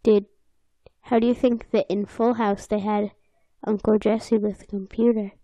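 A woman's voice: mid-range voice, little pitch movement, moderate pace, warm tone, no echo. A woman co-hosting a podcast, chatting casually and playfully, sometimes slipping into silly voices. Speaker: podcast co-host. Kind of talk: casual chat recapping a cartoon episode.

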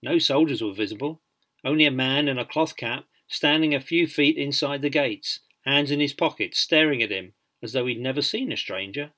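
Man with a bright, measured narrating voice. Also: mid-range voice. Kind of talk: audiobook narration.

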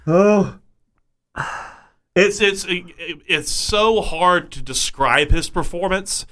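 Male podcast co-host, bright, high voice, chatty and amused. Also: extremely slow. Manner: amused, laughs often. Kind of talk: casual chat.

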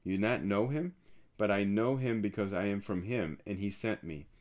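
A man reading the words of a solemn male teacher in a scripture reading, earnest and measured. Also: on the low side, darkish tone, close to an everyday voice.

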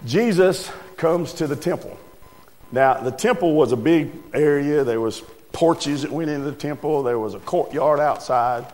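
A preacher giving a folksy, unhurried storytelling sermon. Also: male voice, on the high side, a little mellow. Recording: echoey hall, faint music.

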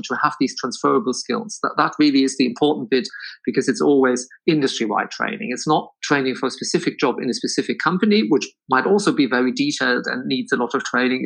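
Measured man explaining step by step. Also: medium pitch, gravelly, fairly bright tone, low-quality recording. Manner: measured, explanatory, many restarts. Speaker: interview guest. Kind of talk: conversational interview answers.

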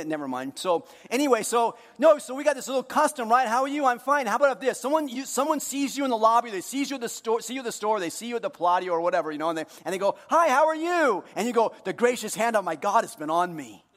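A man preaching a sermon to his congregation, joking with them and moving between hushed earnest moments and loud, playful ones. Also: extremely high pitch, big-room sound. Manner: jokey, talks directly to the congregation. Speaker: pastor. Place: church hall.

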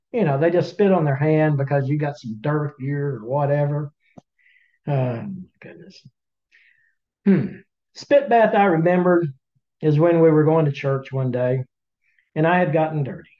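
A man's voice: on the high side, highs cut off. Folksy Southern man spinning a yarn. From Southern United States. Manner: drawling, chatty, teasing asides with thoughtful hums. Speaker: podcast co-host. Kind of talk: folksy storytelling to listeners.

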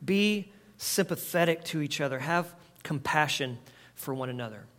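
A middle-aged male pastor delivers a sermon in a conversational style, getting listeners to echo his phrases in call-and-response. His voice runs on the high side, with lively intonation, a moderate pace and a fairly bright tone.

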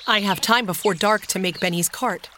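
A woman's voice: medium pitch, normal speed, pushed and bright, a little hiss or hum, close to an everyday voice. Woman voicing an eager young boy. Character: eager boy, older brother, earnest.

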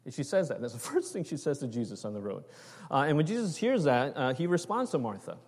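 A man delivers a sermon in a relaxed, conversational way, pausing to check in with his listeners with "right?" and "okay?". His voice sits at an ordinary middle pitch. It carries a long reverb, like a large church sanctuary. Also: slightly rough. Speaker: preacher.

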